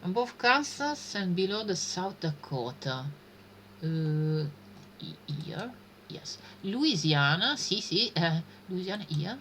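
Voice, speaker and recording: Lady streaming a game, thinks out loud, slow and hesitant, kinda sharp bright tone. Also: lowish voice, very animated, a little hiss or hum. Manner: thinking aloud, hesitant muttering. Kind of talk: live-stream gameplay commentary.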